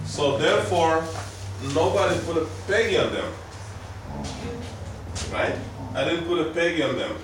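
A man with a fairly high voice teaches a classroom, patiently reading words aloud and asking his students questions. He sounds distant from the microphone in a very echoey room with steady noise behind him. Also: a little slow, long pauses. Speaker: language teacher. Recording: echoey classroom recorded from afar, background noise.

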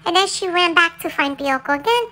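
A woman voicing a small, excitable pet dog, chatting and mixing English with Spanish as it tells its side of the story. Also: very high-pitched, a little fast, a little hiss or hum, full character voice, poor audio. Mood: chatty confessional. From Puerto Rico. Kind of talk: confessional monologue in a dog's voice.

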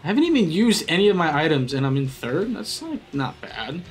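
A young man giving excitable, profane live commentary while racing in a kart game, often yelling at it. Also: a little high, fairly quick. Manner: excitable, swears a lot, yells at the game. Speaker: gaming YouTuber.

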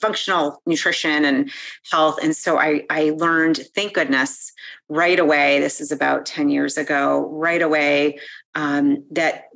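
A woman in her forties, a guest in an interview, talking in an animated, excitable way. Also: low-pitched, creaky. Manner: animated and excitable, quick to laugh. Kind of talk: conversational interview.

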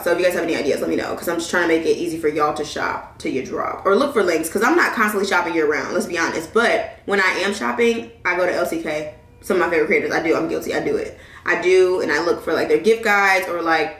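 A young woman from Flint, Michigan chatting casually to her viewers as she unboxes things, animated and calling them y'all. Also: on the low side, recorded from a distance. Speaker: lifestyle vlogger. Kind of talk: casual vlog chat. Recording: echoey room, voice a bit off-mic.

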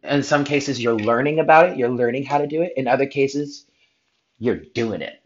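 A man's voice: mid-range voice, moderate pace, dull audio. Earnest man giving a tarot reading. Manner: earnest, heartfelt, blunt at times. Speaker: tarot reader. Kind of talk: spiritual tarot reading monologue.

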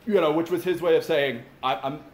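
A man's voice: fairly high pitch, a little fast, darkish tone. A man giving an informal, conversational sermon, talking straight to his listeners with asides. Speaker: pastor. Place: father-son camp gathering. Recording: echoey room, faint background ambience.

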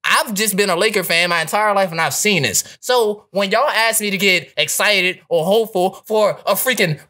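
Emphatic man arguing sports, bright voice. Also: sits high, normal speed. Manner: insistent, repeats points for emphasis. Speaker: podcast co-host. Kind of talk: casual sports debate.

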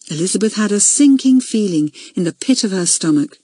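Audiobook narrator, woman: lively, slightly breathy, close and dry. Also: mid-range voice, a little fast, no echo. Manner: expressive storytelling. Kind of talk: scripted narration.

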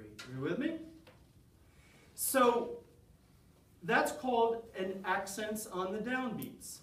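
A man's voice: high voice, expressive, takes it slowly, long pauses, far from the mic, background noise. A man lecturing a college class on rhythm, counting beats aloud and quizzing his students. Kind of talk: classroom lecture with clapping exercises. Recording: roomy classroom sound from off-mic.

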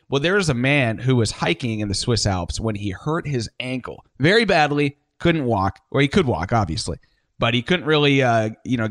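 Dude on a podcast telling a story, jokey, voice bounces up and down a lot. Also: male voice, medium pitch. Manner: joking, lively storytelling. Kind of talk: casual podcast chat.

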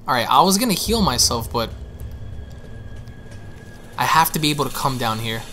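A young man giving excitable, panicky let's play commentary, repeating himself as he goes. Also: medium pitch, moderate pace, slight background noise. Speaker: gaming streamer.

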